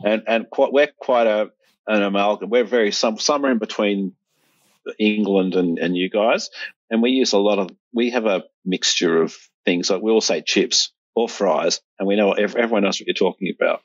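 Australian man, low husky voice. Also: normal speed, no echo. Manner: rambling, many restarts and fillers. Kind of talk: casual conversation. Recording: dull, lo-fi sound.

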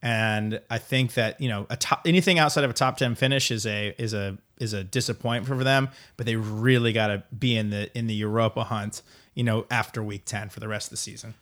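A man's voice: lowish voice, steady tone, fairly quick, a bit bright. A man co-hosting a casual sports podcast, joking and rambling with lots of fillers. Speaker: podcast co-host.

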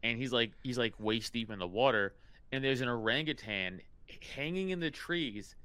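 A man talking loosely in casual chat, at a middle pitch and recorded close and dry. He rambles, swears freely and breaks into quick put-on voices. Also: animated, pushed and bright, dry recording. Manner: profane, rambling, laughs often, mimics voices.

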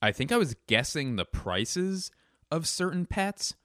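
A man's voice: a little high, sing-song, a little slow, sharp tone, no room sound, clean studio sound. A man hosting a comedy podcast, telling stories in a casual, rambling way and breaking off mid-sentence, with casual swearing. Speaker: podcast host.

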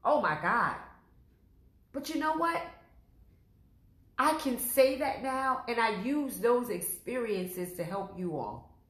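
A woman's voice: a little high, lively intonation, slow, pauses often, fairly bright tone. Earnest woman podcaster in echoey room. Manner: earnest, direct address to listeners. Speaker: podcast host. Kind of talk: faith-based personal testimony.

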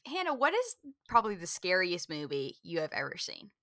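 A woman's voice: lowish voice, a little fast, no room sound, clean studio sound. A woman co-hosting a casual chat podcast, telling stories and acting out voices. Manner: animated storyteller, acts out voices in anecdotes. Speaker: podcast co-host.

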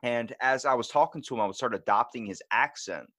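A man hosting a podcast, telling stories in an animated, rambling way, full of "like". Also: medium pitch, fairly quick, no room sound. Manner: rambling, animated storyteller, many "like"s. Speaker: podcast host. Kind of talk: casual podcast chat.

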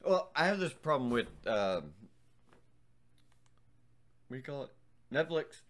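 A man's voice: mid-range voice, big pitch swings, measured pace. A man co-hosting a podcast, talking crudely with lots of swearing and laughter. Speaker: podcast co-host. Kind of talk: casual chat.

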